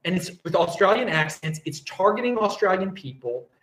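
A man's voice: high voice, very animated, normal speed, fairly bright tone, reverberant, low-quality recording. A man hosting a casual live-streamed show, rambling and chatty as he reads out viewer comments. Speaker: show host.

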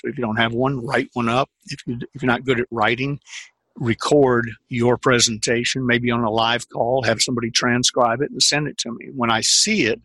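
An older man with a husky voice, telling sales stories in an interview with emphatic, drawn-out stresses. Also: mid-range voice, fairly even intonation, fairly bright tone, no echo. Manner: emphatic, repeats key phrases, drawn-out stresses. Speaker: sales trainer and script consultant. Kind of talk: conversational interview storytelling.

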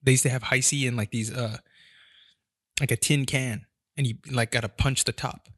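A laid-back man, talking in a loose, rambling way with a steady swear word and a "dude" in almost every sentence. His pitch sits at an ordinary middle, and the sound is dry and close. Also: moderate pace, no echo. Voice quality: swears constantly, lots of likes and dudes. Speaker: podcast host. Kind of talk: casual chat.

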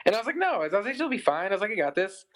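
A man's voice: sits high, fast. A man in his thirties, a musician, telling a long story in a casual podcast chat, full of "like" and acted-out quotes. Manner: rambling, lots of "like", animated quoting. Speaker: musician guest.

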